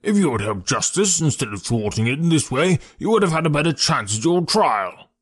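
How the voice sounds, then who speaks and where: A man's voice: fairly high pitch, big pitch swings, fairly quick, slightly rough, pitched above the performer's own voice. A man voicing a stern, angry police detective in a raised, brusque tone.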